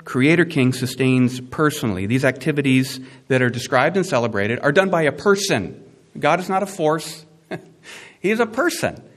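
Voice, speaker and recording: A man preaching a sermon, animated and conversational, with asides and emphatic rising peaks. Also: on the high side. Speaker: pastor.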